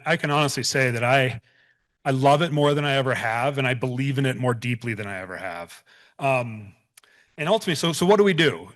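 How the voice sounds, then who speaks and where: A man in his thirties, a bison rancher giving a public talk, earnest and prone to restarts and repeated words. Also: medium pitch. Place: event hall.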